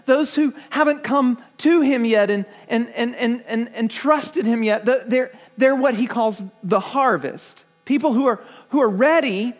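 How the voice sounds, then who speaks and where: A man preaches to his church in a strikingly high voice. He talks earnestly, stumbling over repeated words as he builds his points. He keeps turning to the congregation with questions. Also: a little slow, few pauses, soft background music. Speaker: pastor. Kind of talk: sermon.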